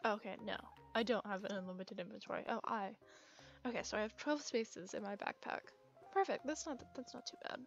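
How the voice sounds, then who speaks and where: A woman's voice: medium pitch, a little fast, gravelly. A young woman talking casually and chattily to herself while playing a video game, over muffled game music. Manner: chatty, upbeat, self-talking. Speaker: gaming video creator. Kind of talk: casual gameplay commentary.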